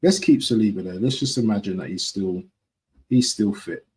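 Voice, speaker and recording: A man's voice: lowish voice, moderate pace, a little mellow, poor audio. Chatty man streaming live. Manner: chatty, repeats himself, keeps asking "yeah?". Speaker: football fan streamer. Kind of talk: casual live-stream chat.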